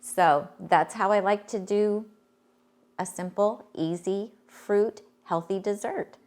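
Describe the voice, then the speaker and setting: A woman hosting a cooking class webinar, giving relaxed, chatty step-by-step instructions. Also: medium pitch, takes it slowly.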